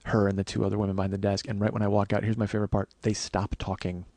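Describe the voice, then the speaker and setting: A man hosting a podcast, telling a candid, profane comedic story with frequent fillers and animated acted-out quotes. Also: lowish voice, racing, no echo.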